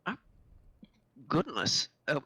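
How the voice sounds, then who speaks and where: A man's voice: slow pace, sharp tone, no echo, low-quality recording. A man doing a refined courteous tiefling. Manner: formal, courteous. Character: polite, refined male tiefling traveler.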